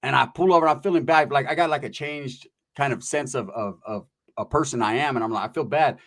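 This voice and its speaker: A man from California telling a story in casual chat, with rapid, profane, animated street slang. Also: mid-range voice.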